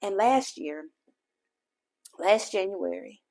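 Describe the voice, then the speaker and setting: A woman's voice: mid-range voice, expressive, slow pace, vocal fry, mellow. A woman podcast host telling a personal faith testimony in an earnest, heartfelt way, speaking directly to her listeners.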